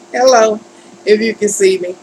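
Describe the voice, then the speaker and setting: Woman, tarot livestream host, slow, fussing aloud, frustrated. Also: medium pitch, darkish tone, a little hiss or hum, poor audio. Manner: frustrated, fussing and muttering to herself. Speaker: tarot reader hosting a livestream. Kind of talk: live-stream chat.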